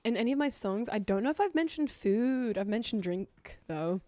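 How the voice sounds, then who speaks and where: A British woman and guest singer in casual chat, talking in a chatty, self-deprecating way with quick restarts. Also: a little high, lively intonation, warm tone.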